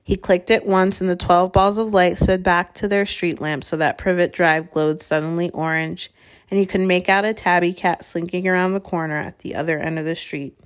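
Low-voiced woman reading a story. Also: fairly even intonation, moderate pace. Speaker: audiobook reader. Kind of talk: storybook narration.

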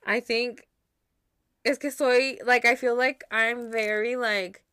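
A young woman chats on a podcast, her voice a little high and the sound close and dry. She keeps dropping in "like" and tells her stories with animation. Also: slow pace, clear, resonant tone, dry recording. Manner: chatty, heavy use of "like", animated retelling. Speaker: podcast co-host. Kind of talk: casual chat.

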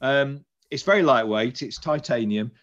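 A man's voice: medium pitch, normal speed, a bit bright, lo-fi sound. A British man talking casually as a podcast co-host, chatty and enthusiastic, rambling a little as he goes. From Britain. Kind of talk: casual chat.

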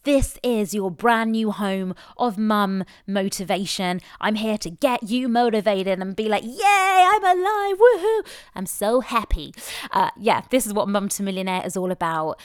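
A woman's voice: mid-range voice, normal speed, hardly any pauses, clean tone, no echo, clean studio sound. Effusive woman hosting a podcast. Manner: effusive and enthusiastic. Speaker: podcast host. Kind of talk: motivational podcast intro.

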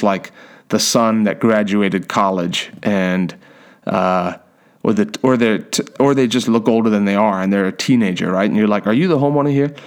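Lowish-voiced man telling rambling anecdotes. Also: clear, resonant tone. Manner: rambling, self-deprecating, conversational. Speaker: storyteller. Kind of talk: casual personal anecdotes.

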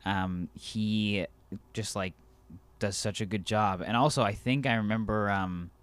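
A young man co-hosting a casual movie podcast, talking excitedly with lots of fillers and restarts. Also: on the low side, measured pace, clean tone. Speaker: podcast co-host.

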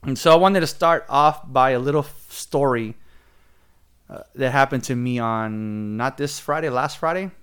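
A man's voice: mid-range voice, normal speed, clean tone. A man hosting a podcast, telling a story in casual chat and acting out other people's voices. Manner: animated, laughs while telling stories, acts out other people's voices. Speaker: podcast host.

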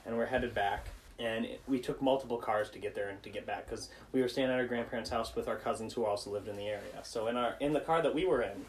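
A man's voice: mid-range voice, slight background noise, low-quality recording. A young man, telling a funny story casually with friends and laughing at himself. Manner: animated, self-mocking, laughs through story.

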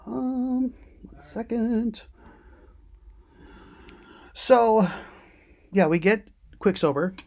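Chatty podcast co-host who laughs a lot. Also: female voice, on the low side, darkish tone. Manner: chatty, laughs often, many ums and restarts. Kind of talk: casual chat.

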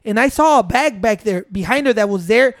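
A man with a high, animated voice talks briskly in clean studio sound with no echo. Chatting casually with friends, he rambles through a long, profane story, slipping into Spanish and repeatedly cutting himself off with "wait."

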